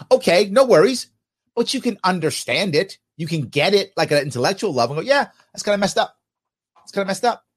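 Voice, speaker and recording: A man's voice: on the high side, fairly bright tone. A man hosting a podcast, giving emphatic, opinionated commentary on listener comments with sarcastic asides.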